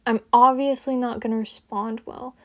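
A young woman hosting her own podcast, rambling casually and haltingly, with lots of "like" fillers. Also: fairly high pitch, steady tone, fairly bright tone. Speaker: podcast host.

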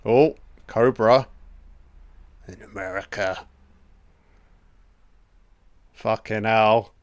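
A man hosting a casual film commentary, reacting excitably and swearing freely as the film plays. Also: fairly low pitch, very slow, no room sound. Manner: profane, excitable running reactions.

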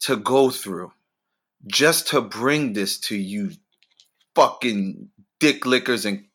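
A young man is hosting his own podcast and ranting in a comic, animated way. His voice is bright, and he swears freely while his pitch jumps suddenly. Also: slow. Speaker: podcast host. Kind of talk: profane comedic rant.

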